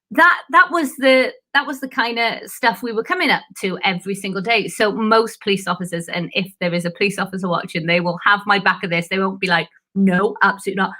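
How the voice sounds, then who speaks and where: A woman's voice: medium pitch, sharp tone. A woman, coaching on goal setting in a chatty live-stream style and laughing often. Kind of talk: casual live-stream chat.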